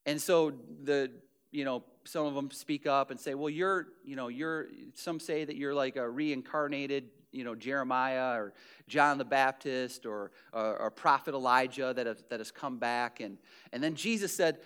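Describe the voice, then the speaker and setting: A man's voice: medium pitch, moderate pace, fairly bright tone, clear, resonant tone. A man preaching a sermon, retelling scripture in an earnest, conversational way with frequent restarts and repeated words.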